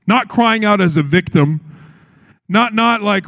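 A man's voice: sits high, expressive, normal speed, fairly bright tone. A man preaching a sermon with feeling, acting out the quoted lines as he goes. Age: adult, recalls his childhood. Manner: earnest, acts out quotes with shifts in voice. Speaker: pastor.

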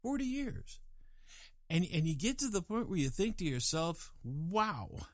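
Here a Louisiana man in his sixties keeps up his digressive group storytelling, poking fun at himself as he goes. He sounds fairly high and animated, a bit mellow, and talks fairly quickly. It's a dry, clean studio recording.

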